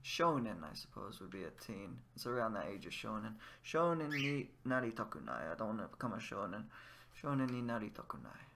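A man giving a casual spoken language lesson while playing a game, patiently repeating each word slowly for the learner. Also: lowish voice, big pitch swings, creaky, a bit bright, a little hiss or hum. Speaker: language teacher in a game video.

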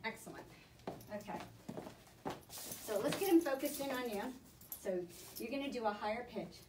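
A woman's voice: fairly high pitch, expressive, background noise. Woman coaching a dog lesson, echoey. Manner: brisk, encouraging instruction. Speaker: dog trainer. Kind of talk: hands-on coaching. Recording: echoey room, mic at a distance.

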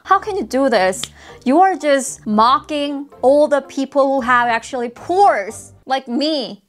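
A woman's voice: high-pitched, animated, measured pace, soft background music. A young Korean woman with a Korean accent, reacting in a casual vlog with exclamations, laughs and mocking commentary. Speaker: YouTuber.

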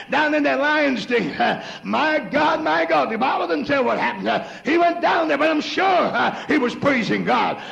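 An older man preaching a chanted church sermon, rhythmic and punctuated with "uh", rising to shouts. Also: extremely high pitch, vocal fry, highs cut off. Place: church sanctuary. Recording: echoey church recording.

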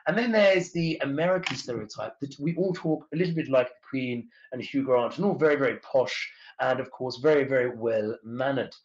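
A man's voice: medium pitch, moderate pace. An English man, a tour leader, giving a chatty, explanatory talk about travel in a webinar. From England. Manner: chatty and explanatory, with filler uhs. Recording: dull lo-fi sound.

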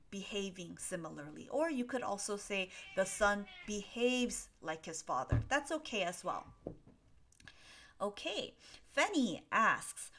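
A woman's voice: medium pitch, pushed and bright. A woman English teacher answering viewers' questions on a live stream, explaining patiently with many fillers and reading from a laptop. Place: at a desk with a laptop.

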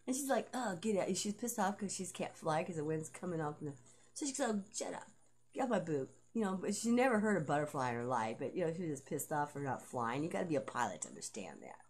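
A woman's voice: sits low, big pitch swings, quick pace, darkish tone. A middle-aged woman vlogging in a rambling, casual monologue, swearing freely and laughing often. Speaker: vlogger and aspiring author.

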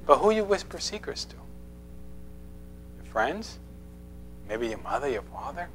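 A man's voice: mid-range voice, big pitch swings, a little slow, a bit bright, faint music behind. A man giving a conversational sermon in a church, playful, asking the congregation questions and laughing often. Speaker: preacher. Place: church sanctuary.

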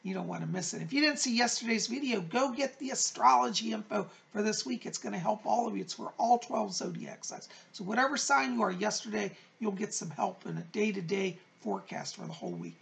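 A man's voice: high voice, fairly quick, creaky, hardly any pauses, a bit bright. A man hosting his own psychic show, chatting effusively to viewers and calling them by pet names. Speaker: psychic medium, show host. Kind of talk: casual chat to viewers.

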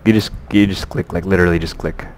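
A man's voice: deep voice, steady tone, fast, a little mellow. A sleepy man chuckling through laid-back gaming chat with friends. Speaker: gaming channel regular. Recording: noisy voice chat.

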